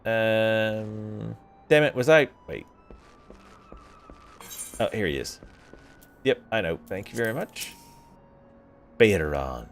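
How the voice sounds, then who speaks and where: A man's voice: on the low side, lively intonation, slow, long pauses, slight background noise. A man doing gameplay commentary, reading game dialogue aloud and breaking off for sarcastic, profane asides. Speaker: let's play gamer.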